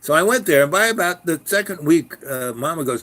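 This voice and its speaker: Full of fillers and restarts, an older man rambles through a personal story, often correcting himself as he goes. He speaks briskly with lively intonation, and his voice is fairly high-pitched and fairly bright.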